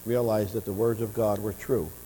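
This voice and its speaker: Male pastor, mellow tone, impassioned sermon delivery, church hall reverb. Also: lowish voice, level tone, normal speed. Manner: earnest preaching, swelling louder in passionate runs. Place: church sanctuary. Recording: church audio with long reverb and mains hum.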